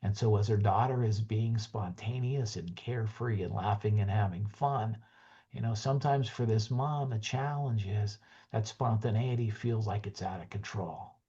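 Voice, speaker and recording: A man presenting a webinar, closing with an earnest, gentle story and dropping into soft hushed passages. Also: lowish voice, moderate pace, breathy edge, muffled recording. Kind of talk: heartfelt closing talk with a story.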